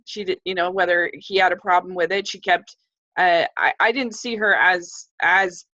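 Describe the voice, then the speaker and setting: A woman co-hosting a casual film discussion, speaking in a measured, hesitant way as she gently disagrees. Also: mid-range voice. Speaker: film podcast co-host. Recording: dull lo-fi sound.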